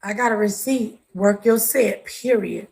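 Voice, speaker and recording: A woman's voice: medium pitch, fairly even intonation, unhurried, a little mellow. A woman hosting a casual livestream chat, greeting viewers by name and calling them pet names like baby and sugar. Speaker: livestream host.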